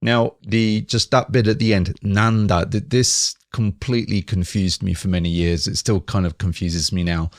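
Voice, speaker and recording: A man's voice: fairly low pitch, steady tone, moderate pace, hardly any pauses, no echo, clean studio sound. A man co-hosting a Japanese lesson podcast, asking questions and repeating phrases after the teacher. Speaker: co-host learning Japanese.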